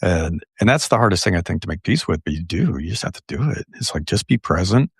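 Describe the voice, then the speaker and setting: Middle-aged man, very deep, gravelly and husky, reflective storyteller, dry recording. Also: sing-song, quick pace, no room sound. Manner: reflective, tells anecdotes and quotes others. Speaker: podcast guest. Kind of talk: casual conversation.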